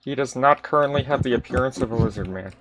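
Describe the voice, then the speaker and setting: A man's voice: medium pitch, quick pace, heavy background noise. A man playing his character in a tabletop game, casual and restarting his words. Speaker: player.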